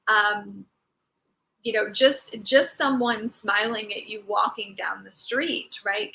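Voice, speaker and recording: A woman's voice: medium pitch, bright, forceful tone, rough recording. A woman casually telling a personal story in a rambling way, with many fillers and restarts. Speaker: host sharing a personal story.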